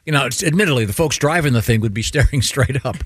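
A radio host in casual studio banter, telling stories and acting out exclamations. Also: male voice, medium pitch, fast talker, dry recording. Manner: animated storyteller, acts out exclamations.

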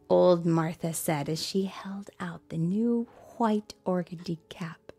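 A woman reading a children's storybook aloud, softly and often in a whisper, adding friendly asides to listeners. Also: lowish voice, slow, few pauses, slightly rough. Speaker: storybook reader.

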